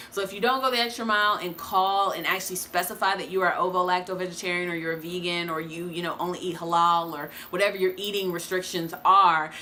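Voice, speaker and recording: A young adult woman talking casually to her viewers in a review vlog, chatty and expressive, calling them y'all. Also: on the low side, slight background noise. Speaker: vlogger.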